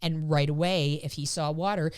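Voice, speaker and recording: A woman's voice: low-pitched, normal speed, clean tone, no room sound, studio quality. A woman dog trainer co-hosting a podcast, explaining training in casual chat and acting out quotes. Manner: explains with lively acted-out quotes of her dog.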